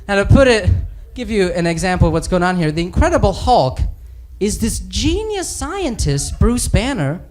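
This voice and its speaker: Animated male stand-up comic. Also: sits high. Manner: lively, animated, quick bursts. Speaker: stand-up comedian. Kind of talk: stand-up comedy set. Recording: noisy live club recording.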